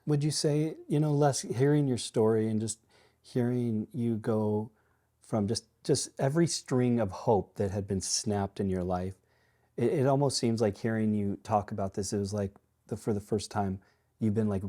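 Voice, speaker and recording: A man hosting an interview, asking gentle, thoughtful questions. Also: lowish voice, moderate pace. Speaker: interviewer, host. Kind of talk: conversational interview.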